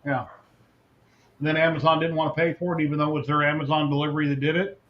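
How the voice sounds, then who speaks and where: A man's voice: on the high side, level tone, fast talker. A man hosting a casual live podcast and chatting with his audience. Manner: chatty, talks to the live chat. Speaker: podcast host. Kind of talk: casual chat. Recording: dull lo-fi with faint noise.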